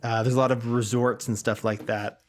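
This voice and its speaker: A man's voice: medium pitch, flat delivery, fairly quick. A man co-hosting a podcast, telling a story with sarcastic asides and comic swearing. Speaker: podcast co-host. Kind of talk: casual storytelling chat.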